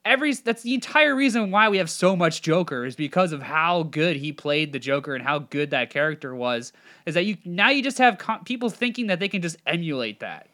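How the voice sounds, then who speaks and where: A man's voice: a little high, expressive, a little fast, sharp tone. A man co-hosting a casual movie podcast, talking bluntly and profanely, ranting with strong opinions. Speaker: podcast co-host. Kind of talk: casual movie review chat.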